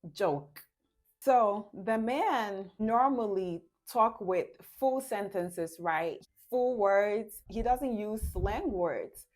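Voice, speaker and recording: A woman giving casual relationship advice at an unhurried, easy pace. She laughs often and slips into little acted scenes between a couple. Her voice sits in a middle pitch.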